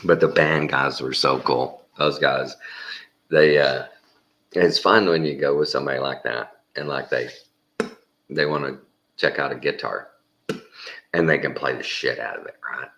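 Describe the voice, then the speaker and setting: A man's voice: a bass voice, steady tone, unhurried, pauses often, fairly bright tone, highs cut off, slight background noise. A man telling a rambling, folksy anecdote in a casual way, sprinkled with mild swearing. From Texas. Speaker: storyteller.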